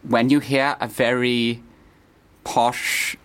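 A man playing a deadpan comic character. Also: medium pitch, clear, resonant tone. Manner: halting, deadpan, slow and hesitant. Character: deadpan German man who invented a posh stage character. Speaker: comedy guest in character. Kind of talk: improvised radio comedy interview.

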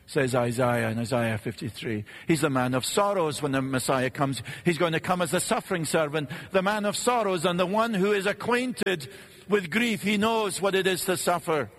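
A man preaching a sermon in an earnest, measured way, posing rhetorical questions and pausing for effect. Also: fairly high pitch, a bit bright. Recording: long reverb of a large hall.

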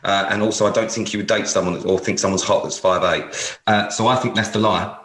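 A man's voice: on the low side, steady tone, fairly quick, roomy sound, noisy background. A man co-hosting a casual chat, teasing and questioning his co-host. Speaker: podcast co-host.

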